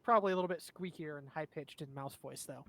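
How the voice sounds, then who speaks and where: High-voiced man narrating as game master. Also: quick pace, a bit bright, a little hiss or hum. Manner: explains rules and describes action, laughs along with players.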